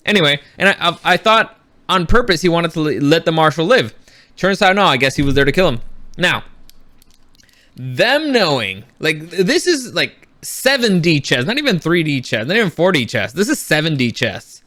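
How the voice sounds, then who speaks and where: A man giving a casual, rambling review, sarcastic and quick to act out characters' lines. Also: fairly high pitch, very animated, sharp tone, no room sound. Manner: frequent restarts and fillers, swears when annoyed. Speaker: YouTube reviewer.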